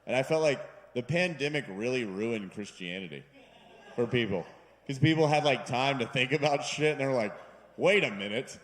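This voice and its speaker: A man works a bar stage with a rambling, self-deprecating stand-up set. He slips into voices for the characters in his jokes. His voice sits at an ordinary pitch and rings out with a long reverb tail. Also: lively intonation, moderate pace. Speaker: stand-up comedian. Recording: live room with long reverb.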